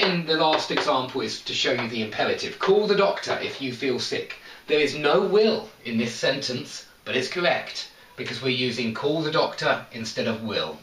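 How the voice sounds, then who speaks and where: Lively man teaching in an echoey room. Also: medium pitch, a little hiss or hum. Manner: explains slowly, stressing example sentences. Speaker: English teacher. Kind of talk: grammar lesson at a whiteboard. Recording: echoey room, mic at a distance.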